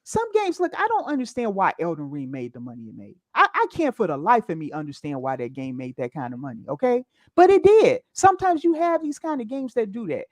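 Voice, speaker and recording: A woman's voice: mid-range voice, wildly swooping pitch, brisk, few pauses, no echo. A woman co-hosting a casual opinion chat, talking emphatically and often adding okay. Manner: emphatic, frequent laughs and okays.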